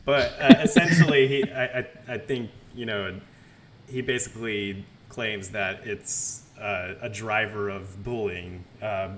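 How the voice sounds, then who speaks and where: A man's voice: on the low side, a little slow, fairly bright tone, a little hiss or hum. A man hosting a podcast, talking casually with restarts, fillers and laughs. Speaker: podcast host. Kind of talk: casual chat.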